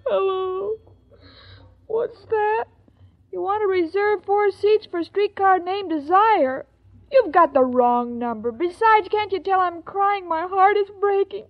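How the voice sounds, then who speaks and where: An actress playing a sweet, scatterbrained young woman in a 1940s radio sitcom, breathy and gushing. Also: very high voice, a little slow. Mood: tearful. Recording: dull lo-fi old radio broadcast.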